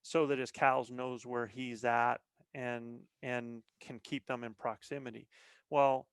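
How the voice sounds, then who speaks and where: A middle-aged man talking in a loose, plainspoken way on a podcast, restarting phrases and dropping in "man" as he goes. His voice sits at an ordinary pitch. The sound is dry, with no room around it. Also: level tone, takes it slowly, clean tone, dry recording. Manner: plainspoken, says "man" often, repeats words when restarting. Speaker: guest, elk hunter. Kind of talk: casual podcast conversation.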